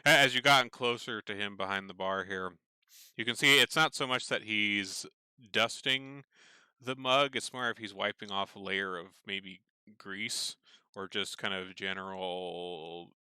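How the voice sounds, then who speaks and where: A man's voice: on the low side, fairly even intonation, a little slow, sharp tone, clear, resonant tone, no echo. A man narrating a tabletop game as game master, meandering, with many fillers and restarts.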